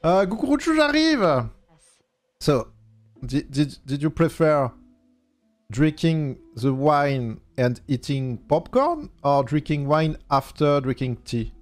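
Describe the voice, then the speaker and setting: French-accented man, lively up-and-down voice, halting English, repeats words, casual game chat. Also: medium pitch, soft background music. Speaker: game streamer.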